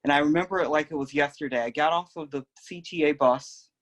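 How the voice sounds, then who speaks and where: A young man telling a personal story in a gentle, reflective, unhurried way. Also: a little high. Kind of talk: personal oral history storytelling.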